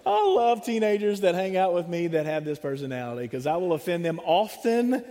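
Preacher, male, high voice, animated and joking, sermon delivery, long church reverb. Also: fairly quick. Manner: animated, humorous, acts out voices of others. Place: church sanctuary.

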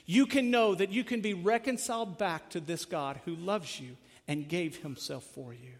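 A man preaching a sermon as pastor, earnest, rising in force and then dropping to a hushed close. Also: high voice, moderate pace, gravelly. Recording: long hall reverb.

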